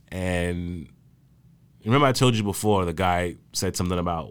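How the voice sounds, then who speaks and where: A man with a smooth, clear voice on the low side tells old work stories from emergency medical services. He talks casually and loosely, often pausing on fillers and starting sentences over. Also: expressive. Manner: halting, with many fillers and restarts. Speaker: EMS worker recalling his career. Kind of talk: casual spoken storytelling.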